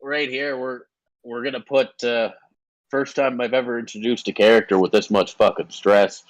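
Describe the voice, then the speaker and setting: A man's voice: mid-range voice, fairly even intonation, normal speed, dry recording, rough recording. A man narrating as game master for a tabletop game, hesitant and restarting often.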